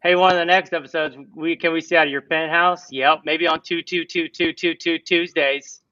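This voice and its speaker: A man's voice: on the high side, steady tone, normal speed, bright, forceful tone, clean tone, no room sound, distant mic, highs cut off. A man hosting a casual livestream chat, playful and giggly, breaking into goofy little songs. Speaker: livestream host.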